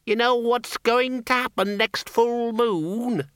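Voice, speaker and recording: A man's voice: very high voice, slow pace, a bit bright, smooth, dry recording, studio quality, voice pushed up, exaggerated voice. A man reading the part of a cheerful, teasing male spirit medium in an audiobook, in a raised, chatty voice.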